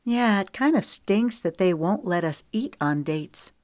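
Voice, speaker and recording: A woman's voice: medium pitch, lively intonation, unhurried, darkish tone, dry recording, voice pushed up, natural voice. A woman narrator voicing a guarded young woman country singer, earnest and rueful, in a dry close recording. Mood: bantering.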